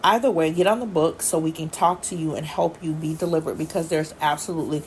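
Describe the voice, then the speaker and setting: A woman's voice: deep voice, fairly even intonation, fast talker, slight background noise. A woman hosting a podcast, telling personal stories in an earnest, looping, faith-filled way. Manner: earnest, storytelling, loops back and repeats. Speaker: podcast host. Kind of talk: personal faith-based talk.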